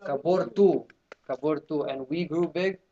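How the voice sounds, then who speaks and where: A fairly high-voiced man leads a classroom Arabic lesson, drilling his students with call and response. The sound is muffled and lo-fi. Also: fairly even intonation, measured pace. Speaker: Arabic teacher.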